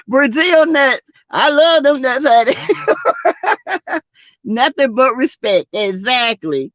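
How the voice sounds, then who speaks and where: A Southern US woman hosts a casual livestream, reading viewers' comments aloud and laughing often. Her voice sits high and is expressive, unhurried and fairly bright, in a dry recording with the highs cut off.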